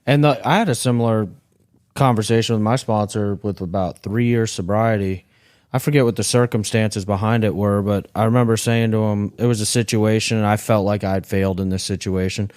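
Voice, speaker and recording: Brief: lowish male co-host, thoughtful and measured, dry sound. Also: fairly even intonation, darkish tone, clean tone, no echo. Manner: reflective, measured storytelling. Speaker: podcast co-host. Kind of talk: casual podcast chat.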